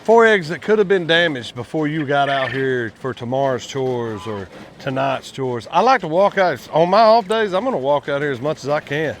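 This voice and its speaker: A man's voice: a little high, lively intonation, moderate pace, a little hiss or hum. A man, chatting casually to viewers in a vlog while working outdoors at his quail pens, folksy and talkative. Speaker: quail farmer and channel host.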